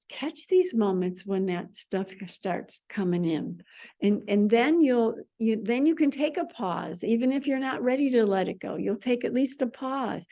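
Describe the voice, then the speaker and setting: A woman leading a spiritual study class in an animated, conversational way, often repeating words as sound effects. Her voice sits at an ordinary middle pitch for a woman. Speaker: class leader.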